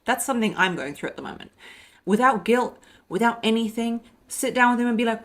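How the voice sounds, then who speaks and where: A young adult woman, heavily pregnant, giving relationship coaching in a lively monologue and acting out the lines she quotes. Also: fairly quick. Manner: animated, acts out quoted voices with pitch jumps.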